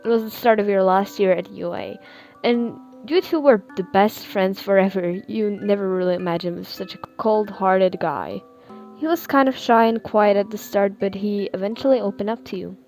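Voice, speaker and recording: A young woman reading her own fan fiction aloud, soft-spoken and a little giggly. Her pitch sits in the middle range, and faint music plays under her voice. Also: moderate pace.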